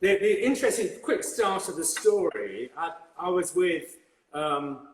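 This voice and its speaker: In a relaxed conversational interview, an older man from England, appearing as a guest hairdresser, shares stories in a rambling, halting style full of fillers and repetition. His refined, old-fashioned upper-class accent and slightly high voice ring around an echoey room. Faint background noise is present.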